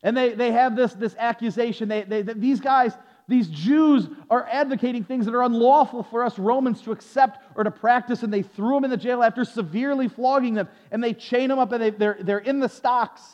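A man's voice: extremely high pitch, a little fast, few pauses, a little mellow, in a large hall. A man preaching a Bible lesson who repeats words and restarts his phrases often, asking his listeners questions, on a dull, lo-fi recording. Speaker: preacher teaching a Bible study. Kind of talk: sermon.

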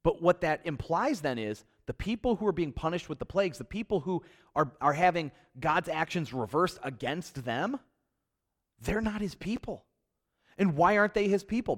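A middle-aged man teaching a Bible study in a conversational way, stumbling over and repeating words, swinging between emphatic highs and quiet low passages.

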